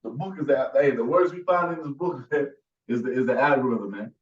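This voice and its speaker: A man's voice: medium pitch, moderate pace. Echoey, distant male preacher, emphatic. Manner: forceful, repeats "man" and "you see". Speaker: teacher. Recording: echoey, distant, dull sound.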